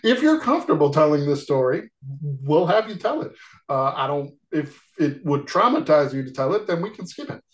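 A man hosting a podcast, recapping a film in a relaxed, casual manner. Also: fairly high pitch, moderate pace. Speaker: podcast host. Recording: echoey room.

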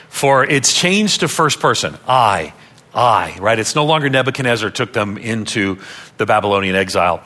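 Male pastor, from Long Island, earnest teaching sermon voice, crisp and forceful. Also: on the low side. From Long Island, New York. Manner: earnest teaching, repeats key phrases for emphasis.

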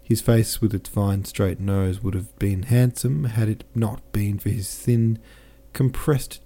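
A man reading a classic novel aloud as a podcast narrator, measured and careful, now and then correcting himself. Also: on the low side, mellow. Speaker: audiobook narrator.

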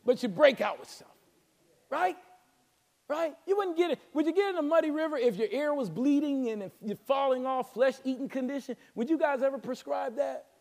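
A man preaching a sermon as pastor, with a Southern American accent and call-and-response delivery that builds to shouts. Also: extremely high pitch, moderate pace, gravelly. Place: large church sanctuary. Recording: long hall reverb.

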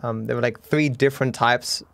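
A man with a cultivated Australian accent hosts a relaxed podcast chat. He rambles and restarts his sentences as he goes, his voice sitting at an ordinary middle pitch. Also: normal speed, vocal fry, clear, resonant tone. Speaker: podcast host. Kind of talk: casual chat.

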